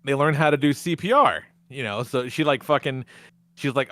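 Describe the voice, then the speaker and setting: A man's voice: medium pitch, moderate pace, a bit bright, no room sound. A man hosting a podcast, retelling a movie's plot in casual chat, swearing often and laughing along the way. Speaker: podcast host.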